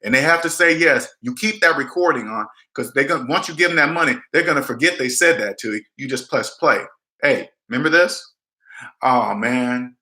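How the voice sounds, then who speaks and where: A man's voice: medium pitch, lively intonation, a little fast, few pauses, bright, forceful tone, echoey room. A man giving blunt, emphatic money advice in a casual chat, repeating his points and acting out the people he quotes. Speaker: debt advice vlogger. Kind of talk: casual live-stream advice talk.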